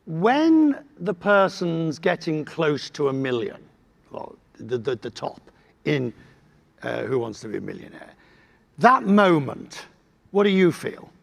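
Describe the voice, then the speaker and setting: High, gravelly, animated male interviewer. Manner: halting, repeats words while forming questions. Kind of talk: on-stage interview.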